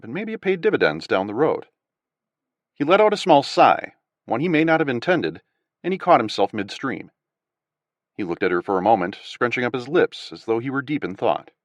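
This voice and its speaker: A man narrating an audiobook in an expressive, scripted reading. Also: lowish voice, dry recording.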